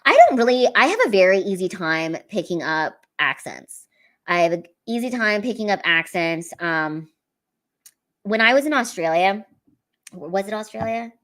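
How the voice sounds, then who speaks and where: An excitable woman from the United States, talking loosely on a livestream after her comedy shows. She laughs a lot, swears without a second thought, and keeps dropping sentences halfway to restart them. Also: mid-range voice, normal speed. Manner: chatty and excitable, laughs often, swears casually. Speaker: stand-up comedian. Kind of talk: casual livestream chat reading viewer comments.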